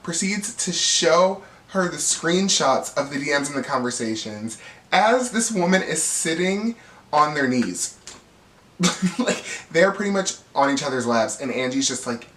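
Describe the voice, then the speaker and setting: A man giving a gossipy, animated recap of a reality TV episode, acting out the cast's lines with bursts of laughter. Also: fairly high pitch, moderate pace, roomy sound, far from the mic. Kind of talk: casual recap commentary.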